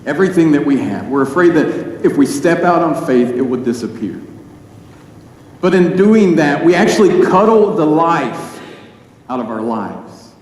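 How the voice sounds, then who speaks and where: A man preaching a sermon in earnest tones with dramatic pauses. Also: a little high, lively intonation, a little mellow. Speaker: pastor. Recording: echoey hall with faint noise.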